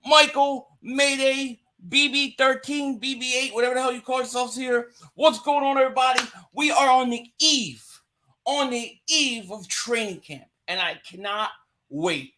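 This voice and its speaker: Casual stream host, male, higher register, bright edge, chatty and greeting the chat. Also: moderate pace. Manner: chatty, greets viewers by name. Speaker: livestream host. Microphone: home streaming mic.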